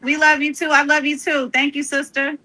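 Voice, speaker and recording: High bright-voiced woman telling a story. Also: flat delivery, brisk, low-quality recording. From Missouri. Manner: earnest storytelling, quotes her grandmother with warmth. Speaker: guest. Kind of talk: casual chat.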